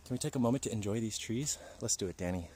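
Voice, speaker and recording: A man's voice: on the low side, quick pace, darkish tone, slight background noise. A man livestreaming in a park forest, chatting and joking with his viewers. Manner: chatty, jokey, talks to viewers. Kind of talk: casual livestream chat.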